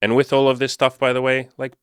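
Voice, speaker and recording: A man's voice: mid-range voice, quick pace, clean tone, no room sound, studio quality. A man talking casually to camera as a self-improvement coach, swearing freely and acting out panicky inner voices. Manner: profane, animated, acts out panicky inner voices.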